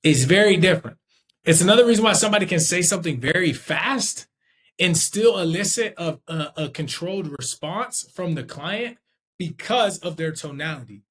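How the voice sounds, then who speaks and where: A man's voice: high-pitched, lively intonation, moderate pace, a bit bright. A man teaching sales as a trainer, in unscripted talk, thinking aloud and checking in with the listener as he goes. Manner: conversational, checks in with "okay?" and "right?"; thinks aloud with restarts, demonstrates tones.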